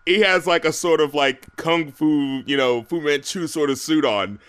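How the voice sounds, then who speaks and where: A man co-hosting a podcast in casual chat, excitable, laughing often and acting out quotes. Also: on the high side, moderate pace, clear, resonant tone. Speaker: podcast co-host.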